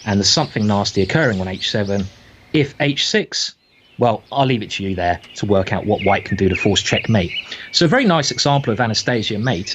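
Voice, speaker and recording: Male chess tutor doing voice-over, mid-pitched, chatty with jokes, on a muffled noisy track. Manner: chatty, playful asides. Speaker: chess teacher. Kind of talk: chess lesson narration. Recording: dull audio with clear background noise.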